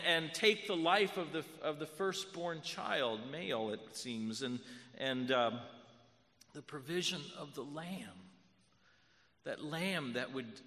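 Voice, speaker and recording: A man preaching a sermon as pastor, moving between hushed storytelling and loud, fervent preaching. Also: fairly high pitch, animated, takes it slowly, big-room sound.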